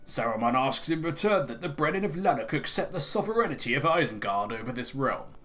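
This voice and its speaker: A man voicing a smooth-talking emissary in a game, with a put-on accent and a formal, persuasive manner. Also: medium pitch, fairly bright tone, lightly acted. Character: smooth-talking male emissary of a dark wizard. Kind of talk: reading game dialogue aloud in character.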